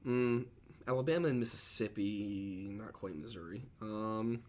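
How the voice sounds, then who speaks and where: A man co-hosting a podcast, teasing his partner in quick casual banter. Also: lowish voice, a little mellow. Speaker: podcast co-host. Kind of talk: casual chat.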